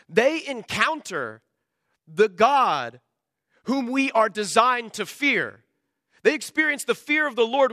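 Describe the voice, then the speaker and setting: A man preaching a sermon, impassioned, swinging from loud climbs to quiet drops. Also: no room sound, clean studio sound. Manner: impassioned preaching, rising and dropping sharply in pitch and loudness. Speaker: pastor.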